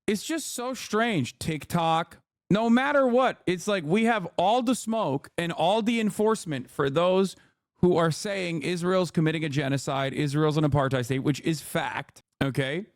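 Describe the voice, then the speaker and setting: Guy streamer ranting sarcastic, swears a lot, smooth clean voice, slightly high. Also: no echo, studio quality. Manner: sarcastic, profane, rapid-fire. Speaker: streamer reacting to videos. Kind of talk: casual commentary.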